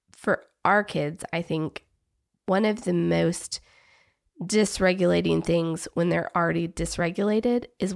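A woman's voice: fairly low pitch, creaky, darkish tone. A woman, a therapist and parent, talking thoughtfully about parenting in an interview. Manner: thoughtful, reflective, speaks in measured phrases. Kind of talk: conversational podcast interview.

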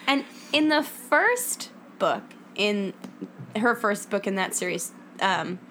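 A woman's voice: medium pitch, expressive, takes it slowly, a bit bright, a little hiss or hum. Playful woman reacting dramatically. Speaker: podcast co-host. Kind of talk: casual chat about books.

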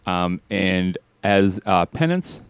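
A man's voice: low voice, animated, slow pace, clear, resonant tone, no echo. A man hosting a podcast in casual chat, rambling and self-deprecating. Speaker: podcast host.

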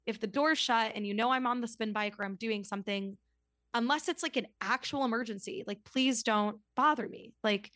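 A woman in her twenties telling a story as a podcast guest, in a casual, chatty way full of "like" and quick asides. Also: on the high side, dry recording, studio quality. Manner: chatty, lots of "like", animated retelling.

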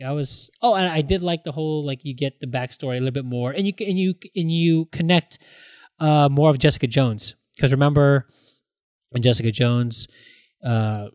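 Man, casual chat, animated, quotes scenes in put-on voices, swears, dry close sound. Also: a little high, brisk, no echo.

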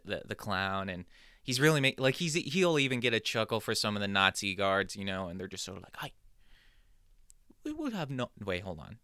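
Man, podcast host, casual comedic rambling, very clear voice, dry sound. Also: on the low side, sharp tone, dry recording. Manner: rambling and digressive, self-deprecating.

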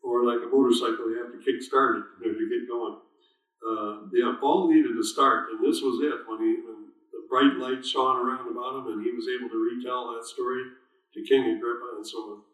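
A man of middling pitch leads a relaxed Bible study, talking through scripture in an easy, conversational way. He keeps stopping to quiz his listeners and gives the verses heavy stress as he reads them. His voice comes from some distance off the mic and rings through a very reverberant room. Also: a little fast. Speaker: Bible teacher. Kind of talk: informal Bible study sermon. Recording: very echoey room, voice far from mic.

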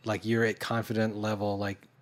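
A man with a fairly low voice chats casually on a podcast. He tells stories in a looping, rambling way, stringing them together with "and I was like.". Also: flat delivery, moderate pace. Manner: rambling storyteller, repeats "and I was like". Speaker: podcast co-host. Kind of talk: casual chat.

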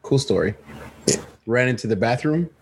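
A man's voice: normal speed, a little hiss or hum. A man telling a long story in casual chat, acting out the people in it. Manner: animated storytelling, acts out friend in high voice. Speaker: storyteller guest.

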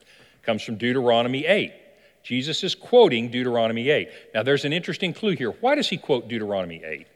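Animated male pastor preaching. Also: medium pitch, brisk. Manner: animated storytelling, asks the listeners questions. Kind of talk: sermon. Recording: long hall reverb.

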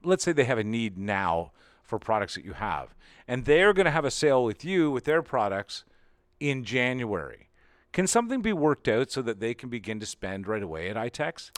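Lively, teasing man on a podcast. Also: medium pitch, normal speed, dry recording, clean studio sound. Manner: playful, teasing, asks lots of questions. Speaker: co-host. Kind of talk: casual podcast chat.

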